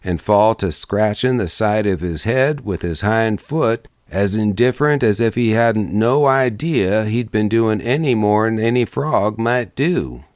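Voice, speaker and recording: A man with a lowish voice tells a tall tale in rambling, vernacular storyteller's speech. The sound is dry and close, with no room around it. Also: unhurried, hardly any pauses, a little mellow, no room sound. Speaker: audiobook narrator. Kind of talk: folksy storytelling narration.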